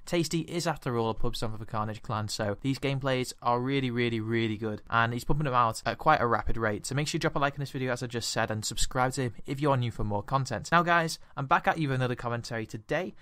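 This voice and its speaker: A man's voice: medium pitch, fast talker, few pauses, sharp tone, no echo. A man with an English accent, chatting in a casual, rambling voice-over commentary over gameplay, often repeating words. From England. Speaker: gaming commentator.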